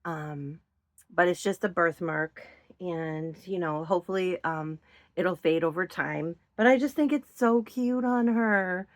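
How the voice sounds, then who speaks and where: Slow-talking, doting Minnesota woman. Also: fairly low pitch. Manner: gushing, doting, with drawn-out praise. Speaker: doll collector vlogger. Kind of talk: casual chat to viewers.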